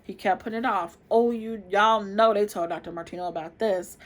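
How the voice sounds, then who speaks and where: A woman in her twenties telling a personal story to camera in a chatty, expressive way, often calling out to viewers. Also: mid-range voice, fairly quick. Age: 20s. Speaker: vlogger.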